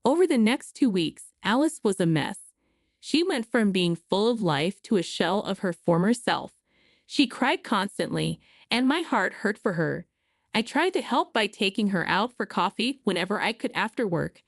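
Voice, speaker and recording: A woman narrating a first-person story in an earnest, expressive way. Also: mid-range voice, normal speed, dry recording, studio quality.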